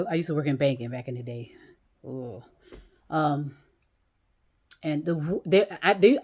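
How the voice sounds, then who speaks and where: Woman, slightly low voice, casual vlog monologue, rambling, restarts, blunt and profane, at home in a chair. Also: darkish tone. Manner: rambling, many restarts and fillers; blunt, swears freely. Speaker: vlogger. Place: small room at home, in a chair.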